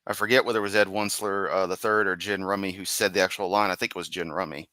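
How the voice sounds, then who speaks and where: A man's voice: deep voice, fairly even intonation, quick pace, bright, forceful tone, no echo. A tired man streaming live, reading and mocking comments in a sarcastic, rambling way. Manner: sarcastic, rambling, with laughs and restarts. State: tired, yawning.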